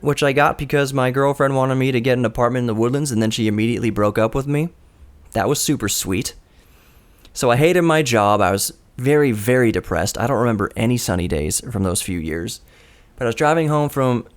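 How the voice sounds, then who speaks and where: A man in his thirties hosting his own radio show, talking alone into a studio microphone in an earnest, storytelling way with a dry, self-mocking streak. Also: medium pitch. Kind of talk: reflective solo radio monologue. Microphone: studio broadcast microphone.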